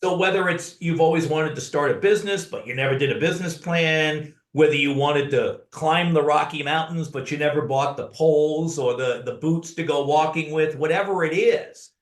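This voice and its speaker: A man's voice: fairly high pitch, normal speed, hardly any pauses, roomy sound. A man telling stories as a podcast guest, earnestly and often addressing the host by name. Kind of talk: conversational storytelling.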